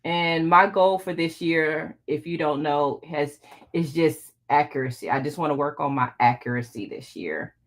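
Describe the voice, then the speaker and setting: This quilting channel host has a deep voice and a moderate pace. The middle-aged woman keeps up a chatty conversation with her viewers while sewing in a casual live tutorial.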